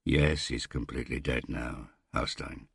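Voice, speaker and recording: A man's voice: a bass voice, steady tone, a little slow, gravelly, a bit bright, husky, no echo, clean studio sound, heavily acted. A man as a weary, terse detective. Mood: grim. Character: weary, blunt male detective.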